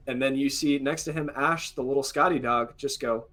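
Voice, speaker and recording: A man's voice: mid-range voice, steady tone, fairly quick, a bit bright, faint music behind. A man running a tabletop game as game master, narrating casually with many fillers.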